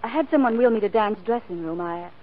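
A woman's voice: mid-range voice, lively intonation, fast, natural voice. A woman playing a shy, hesitant young woman in a 1940s radio drama. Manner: hesitant, soft. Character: shy, soft-spoken young woman in a wheelchair. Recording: muffled old radio recording.

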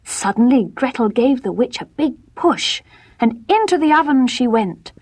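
A woman storyteller reading a fairy tale aloud in gentle, measured, soft-spoken scripted narration. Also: fairly high pitch, animated, breathy edge.

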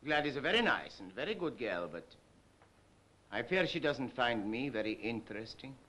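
A mocking Russian-accented prince. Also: male voice, medium pitch, very animated, normal speed, sharp tone. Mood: airy. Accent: Russian-tinged, put on. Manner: airy, mocking, laughs at others. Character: vain, teasing exiled Russian prince. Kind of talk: 1930s film acting.

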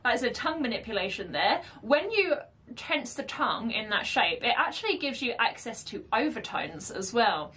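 Bright, animated woman vocal coach. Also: on the high side, moderate pace. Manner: enthusiastic, explains technique with sung demonstrations. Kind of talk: reaction with vocal analysis.

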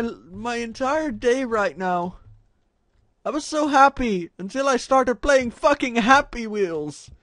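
A man doing let's play commentary, muttering low and then breaking into loud frustrated shouts. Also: animated, takes it slowly. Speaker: gaming commentator.

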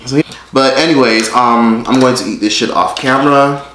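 At a moderate pace and medium pitch, a man casually vlogs to the phone camera he's holding. This YouTuber is profane and jokey, talking to viewers directly, with echo and faint noise in the background.

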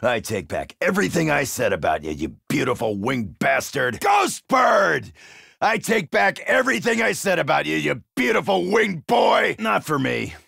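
A gruff, cocky middle-aged marine barks his wisecracks. His voice is heavily gravelly and bright, jumping up and down in pitch. The recording is dry and close, with no room sound. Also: big pitch swings, normal speed, few pauses, no room sound, heavily acted. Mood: gung-ho. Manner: brash, shouty wisecracking. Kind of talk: video game voice lines.

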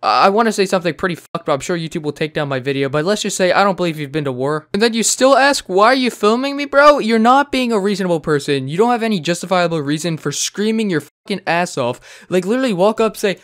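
A man's voice: high-pitched, lively intonation, quick pace, hardly any pauses, a bit bright. A teenage guy doing sarcastic, casual reaction commentary, swearing freely. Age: teens. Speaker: YouTube commentator.

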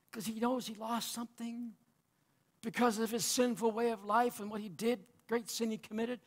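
A man preaching a sermon, passionate, swinging between loud cries and quiet asides. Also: high-pitched, normal speed.

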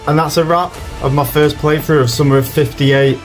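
A man's voice: a little high, steady tone, normal speed. A man commenting on a horror game as he plays, reacting with jumpy, sweary outbursts over faint game music. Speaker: gaming video host.

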